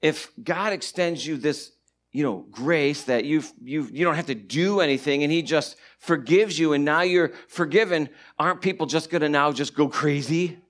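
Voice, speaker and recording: A man preaching a sermon and teaching from the Bible, animated, swinging between loud stretches and hushed asides. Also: a little high, normal speed. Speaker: pastor.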